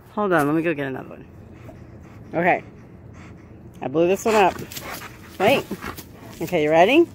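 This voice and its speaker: A woman's voice: fairly low pitch, lively intonation, measured pace, long pauses, darkish tone, a little hiss or hum. A woman by an outdoor pool, filming and coaxing her dog with laughter, recorded on a handheld phone. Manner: coaxing, laughing, sing-song. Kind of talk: casual chat with her dog.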